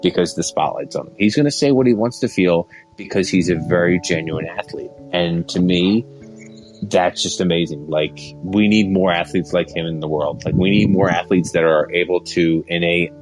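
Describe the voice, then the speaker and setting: Guy with a really low voice chatting sports, earnest, rambly, soft music under it. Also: normal speed, poor audio. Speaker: podcast host. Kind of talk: casual sports chat.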